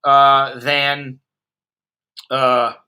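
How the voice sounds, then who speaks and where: A man's voice: mid-range voice, flat delivery, drawn-out words, sharp tone. An American man in his fifties, a vlogger ranting bluntly and profanely while chatting with his viewers. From United States. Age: 50s. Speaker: expat vlogger. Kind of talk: ranting livestream chat with viewers.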